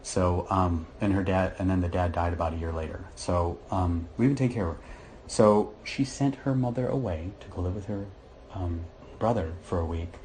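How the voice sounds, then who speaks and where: A middle-aged man, telling his story to a therapist in a rambling, halting way with many restarts. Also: deep voice, darkish tone, a little hiss or hum. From Michigan, USA. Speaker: client in therapy session. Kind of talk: candid personal account.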